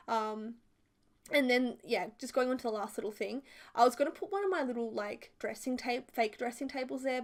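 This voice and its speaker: A chatty young-sounding woman talks through a casual voiceover. Her voice sits a little high, and her speech is loose and rambling, with plenty of "like" and "um.". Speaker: video creator. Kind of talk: casual voiceover for a building video.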